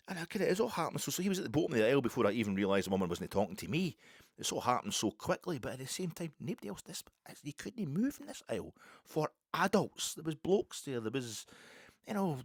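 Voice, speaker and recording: A Scottish man in his fifties telling a rambling story in a casual monologue, full of restarts and sudden loud bursts. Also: medium pitch, sing-song, fast, no room sound, clean studio sound. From Scotland. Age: 50s. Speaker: podcast host.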